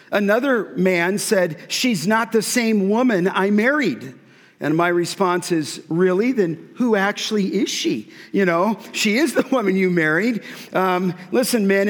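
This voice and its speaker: A man with a high-pitched voice delivers an earnest, emphatic sermon, pressing his points and sometimes restarting mid-sentence. His voice rings out with the long reverb of a large church hall. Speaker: pastor.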